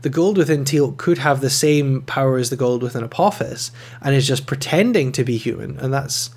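A man's voice: mid-range voice, normal speed, a little mellow, husky. A man hosting an episode review, talking conversationally with frequent fillers and enthusiastic rises. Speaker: podcast host reviewing episodes.

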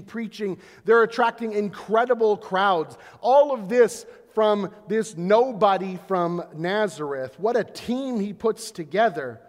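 A man delivers a sermon in a loose, conversational way, spinning everyday sports analogies into his preaching. His voice sits high for a man. The sound carries a long reverb tail, as in a church hall. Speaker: pastor.

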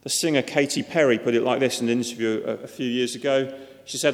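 A man's voice: mid-range voice, steady tone, fast talker, hardly any pauses. A man preaching a sermon in an earnest, emphatic manner, with repeated words at times. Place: church. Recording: reverberant church hall.

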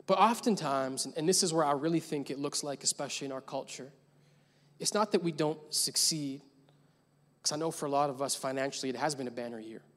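A male pastor preaches in a somewhat high voice, swinging between loud urgent passages and quiet reflective stretches. His sermon rings out with a long reverb across the large sanctuary. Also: fairly quick. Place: church sanctuary.

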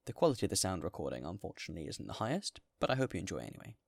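A man hosting a podcast and reading a classic novel aloud in a steady, measured way. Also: low-pitched, gravelly, dry recording, studio quality. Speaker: podcast host and reader.

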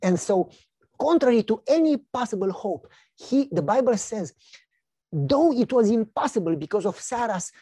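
Animated woman preaching a parable. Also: moderate pace, slightly rough, no room sound, clean studio sound. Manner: animated storytelling, voices characters with big pitch swings. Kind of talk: sermon with acted-out parable.

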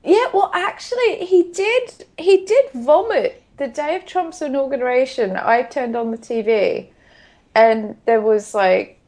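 This podcast co-host is a woman with an Australian accent, recording at home in Scotland. Her voice sits high and unhurried as she trades giggly, bawdy banter and launches into lively, animated stories.

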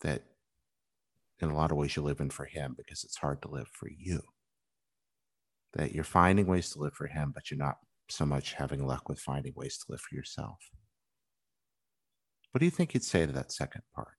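A man interviewing a guest in an earnest, measured, supportive way. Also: rumbling low, lively intonation, gravelly, slightly rough. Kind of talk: interview conversation.

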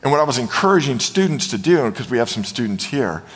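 Preaching a sermon, a middle-aged pastor with a mid-range voice speaks at a quick pace in a big-room sound. He tells stories with lively animation and acts out the quoted voices.

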